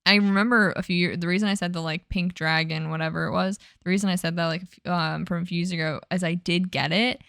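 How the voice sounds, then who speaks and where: A woman's voice: fairly low pitch, fairly even intonation, fast, gravelly, few pauses, fairly bright tone, clear, resonant tone, no echo, clean studio sound. A woman co-hosting a podcast, chatting casually with lots of fillers and giggles. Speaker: podcast co-host. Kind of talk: casual chat.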